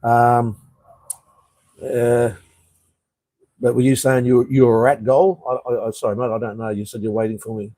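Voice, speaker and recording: A man's voice: mid-range voice, level tone, normal speed, pauses often, warm tone, no echo, low-quality recording. An Australian man hosting a casual live stream chat from a room above a street, rambling with frequent ums and uhs. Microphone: camera he turns toward the street.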